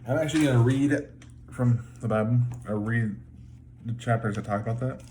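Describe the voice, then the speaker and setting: A man's voice: mid-range voice, normal speed, a little mellow, a little hiss or hum. A man who blogs as a trucker, retelling a Bible story in an informal, slangy way with frequent restarts. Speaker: trucker video blogger.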